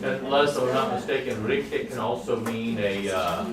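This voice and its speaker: A man's voice: mid-range voice, normal speed, a crowd in the background. A man in a language class adding his own explanations at length, with restarts and qualifiers, picked up by a far camera. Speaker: class member. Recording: echoey room from far off with people around.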